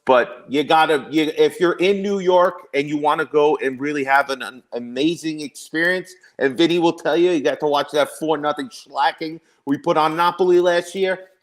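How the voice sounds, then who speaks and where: A man on a casual group video chat, joking and animated as he gives shout-outs. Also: a little high, moderate pace, few pauses. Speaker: podcast guest.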